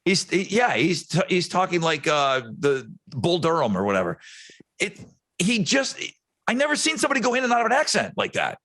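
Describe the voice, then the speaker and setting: Lively, animated man with a fairly high voice. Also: fairly quick, dry recording. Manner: animated and crude, swears often. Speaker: podcast co-host. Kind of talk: casual chat.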